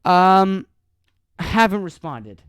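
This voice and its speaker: Slow-talking, chuckling podcast host man. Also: high voice, big pitch swings, slight background noise. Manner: amused, often breaks into laughter while retelling; halting, restarts sentences. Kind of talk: casual solo storytelling.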